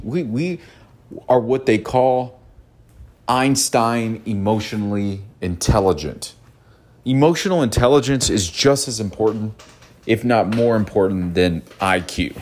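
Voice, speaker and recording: A man speaks in a casual personal monologue with a low voice. He is earnest and rambling, and he often repeats words and starts sentences over. He turns lively at times and jumps high in pitch when he imitates someone. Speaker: mental health podcast host.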